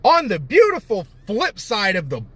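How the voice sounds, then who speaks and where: A man's voice: high-pitched, wildly swooping pitch, moderate pace, breathy edge. A young man ranting in heated, profane, sarcastic commentary, often stopping to correct himself. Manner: rambling with self-corrections.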